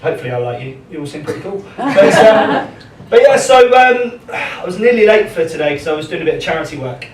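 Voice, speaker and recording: A young comedian doing a chatty, self-deprecating stand-up set into a handheld mic. His voice sits a touch high, picked up from a distance in an echoey small club. Clear crowd noise fills the background. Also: big pitch swings, fairly quick, few pauses. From England. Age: young adult. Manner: chatty, self-deprecating, rambling with many ums. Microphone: handheld stage microphone.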